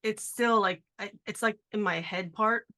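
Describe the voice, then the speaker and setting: A woman's voice: mid-range voice, bright, forceful tone. A woman hosting a casual podcast chat from her cold garage over a video call, sounding nasal from a cold. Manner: chatty, upbeat, fast asides. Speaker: podcast host.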